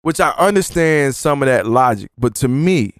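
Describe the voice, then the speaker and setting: A man hosting a podcast, telling stories in a profane, animated, rambling way. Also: mid-range voice, normal speed, dry recording, studio quality. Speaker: podcast host. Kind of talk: casual storytelling monologue.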